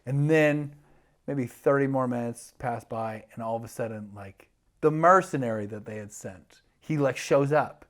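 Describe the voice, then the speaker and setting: A middle-aged man, a TV producer appearing as a podcast guest, tells an animated story that rambles, packed with fillers and false starts, and he acts out other people's voices along the way. His pitch is mid-range for a man and his pace is moderate.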